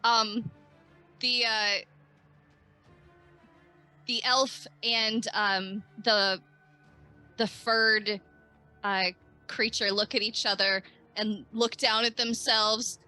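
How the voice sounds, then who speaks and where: A woman's voice: a little high, fairly even intonation, extremely slow, pauses often, pushed and bright, faint music behind. A woman running a tabletop game as game master, hesitant with lots of fillers. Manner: hesitant, many fillers, giggly.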